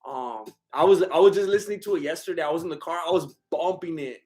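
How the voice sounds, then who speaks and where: A man with a high voice for a man chats loosely on a live stream. He rambles, jokes and restarts his sentences as he reacts to chat. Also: quick pace, darkish tone. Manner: rambling and joking, with lots of "like" and restarts; loose, chatty, breaks into bits of song.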